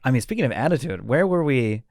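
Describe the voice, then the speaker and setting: Jokey dad telling rambling stories, dead dry room. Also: male voice, mid-range voice, big pitch swings, fast talker, a little mellow, no room sound. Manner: joking, rambling anecdotes. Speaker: podcast co-host, father. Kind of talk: casual chat.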